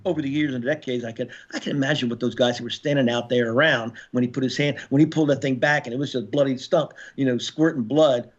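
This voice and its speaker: A man in his sixties, a former Marine and podcast guest, telling war stories in a casual, profane way and shouting out reenacted orders. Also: medium pitch, steady tone, quick pace, few pauses. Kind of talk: casual storytelling interview. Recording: slightly dull podcast audio.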